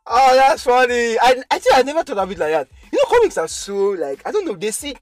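A podcast host talking casually and reacting with animated laughter. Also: medium pitch, a little fast. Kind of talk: casual chat.

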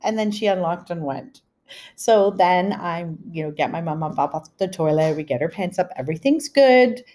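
A woman's voice: on the low side, moderate pace. Chatty middle-aged woman telling a story. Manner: animated, chatty, full of asides. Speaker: podcast host. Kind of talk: storytelling monologue.

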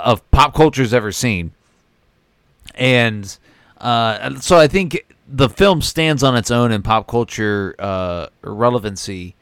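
A man's voice: medium pitch, clear, resonant tone, no echo. A man co-hosting a movie podcast, rambling in casual review chat with frequent restarts and swearing. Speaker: podcast co-host.

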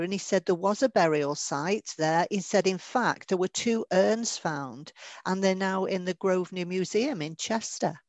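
A woman's voice: lowish voice, moderate pace, a little mellow, no echo. A woman, a medium giving a podcast interview, who tells stories in a chatty, anecdotal way and laughs now and then. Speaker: guest medium.

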